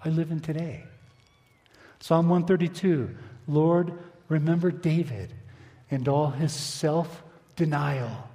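A man preaching a sermon, reading scripture aloud and slowing down for emphasis. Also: fairly high pitch, warm tone, big-room sound. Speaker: pastor.

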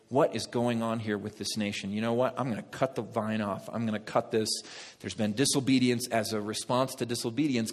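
Man, pastor, sermon, lively asides to the congregation, long hall reverb. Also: medium pitch. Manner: lively, talks to the congregation, laughs at own jokes.

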